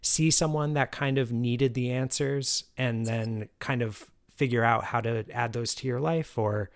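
A man's voice: medium pitch, fairly even intonation, measured pace, dry recording, clean studio sound. A man interviewing a guest and asking long, hesitant questions full of fillers.

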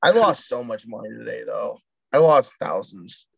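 A man's voice: mid-range voice, animated, moderate pace, creaky, fairly bright tone, no room sound. A man venting in a rambling, frustrated way during a casual chat. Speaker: bounce house business owner, guest. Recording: dry, dull lo-fi remote line.

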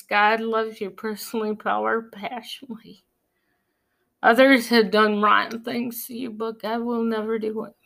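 A woman's voice: medium pitch, a bit bright. A woman giving an earnest personal faith testimony, preaching encouragement. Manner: earnest, preachy, slow and deliberate.

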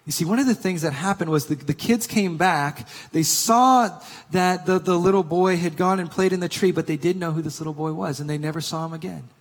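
A man preaching a sermon, telling and reading a story in an earnest manner that swings from emphatic to hushed. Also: fairly high pitch, fairly even intonation, a little fast, hardly any pauses, in a large hall. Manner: earnest, builds to emphatic reading then drops to hushed whisper.

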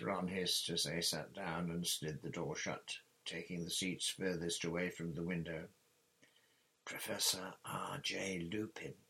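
A man with a deep, low voice reads a novel aloud. His narration is plain and steady, an amateur audiobook. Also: low-quality recording. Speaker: reader. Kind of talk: audiobook reading.

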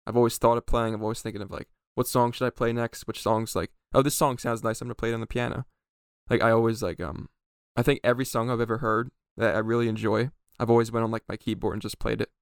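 A man's voice: mid-range voice, little pitch movement, fast talker, vocal fry, clean tone, no echo, clean studio sound. A teenage boy chatting on a podcast with friends, rambling with lots of fillers. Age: teens. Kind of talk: casual chat.

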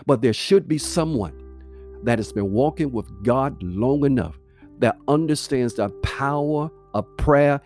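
A man preaching a sermon in a mid-pitched voice, alternating between reading scripture and talking straight to his listeners. His delivery is conversational and emphatic. A soft guitar plays quietly underneath. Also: unhurried.

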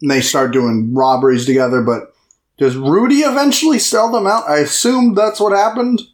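A young man co-hosting a podcast, chatting casually about a film and adding quick remarks. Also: fairly high pitch, steady tone. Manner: quick interjections, chatty and swearing. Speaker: podcast co-host. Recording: roomy echo.

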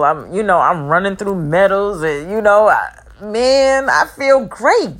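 Woman preaching forgiveness to her viewers, heartfelt and repetitive, gets fast then slows down. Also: on the low side, a bit bright. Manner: speeds up and slows down, talks fast at times. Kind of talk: personal motivational talk.

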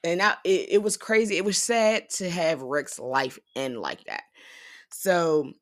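A young woman casually recapping a TV episode, animated and profane, acting out characters' lines in paraphrase. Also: fairly low pitch, unhurried. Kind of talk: casual storytelling commentary.

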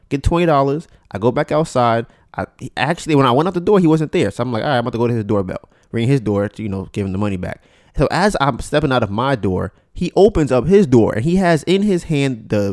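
Animated man telling a story, dry close sound. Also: medium pitch, no echo. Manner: animated, acts out both sides of the story. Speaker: podcast host. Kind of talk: casual storytelling monologue.

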